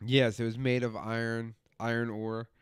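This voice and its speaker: A man's voice: medium pitch, moderate pace, clean tone, dry recording, studio quality. A man telling loose, profane stories on a casual podcast, acting out what people said. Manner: profane, animated storyteller acting out quotes. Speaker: podcast co-host. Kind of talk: casual storytelling. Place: home podcast studio.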